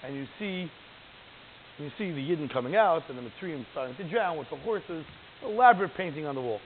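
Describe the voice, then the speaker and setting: A man giving a lively, digressive lecture as a religious teacher, often checking in with "right?". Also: fairly high pitch, brisk, a little hiss or hum. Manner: animated, digressive, keeps asking "right?". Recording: tinny phone-like line.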